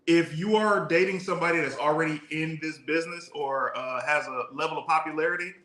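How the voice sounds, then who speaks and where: A man's voice: a little high, brisk, pushed and bright. A man co-hosting a podcast in casual chat, teasing and joking, firm when making a point. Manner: teasing, joking, speaks his mind firmly. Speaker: podcast co-host. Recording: echoey room.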